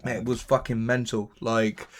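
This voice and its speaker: A young man, co-hosting a podcast, chatting about football in a sweary, animated way. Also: mid-range voice, moderate pace. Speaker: podcast co-host. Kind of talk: casual chat.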